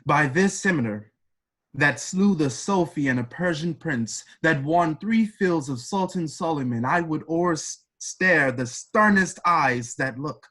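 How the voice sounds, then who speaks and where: A man reading the part of a proud, boastful prince in an amateur play reading, declaiming verse in a measured way. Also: fairly high pitch, animated, a bit bright. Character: proud boastful foreign prince, male adult.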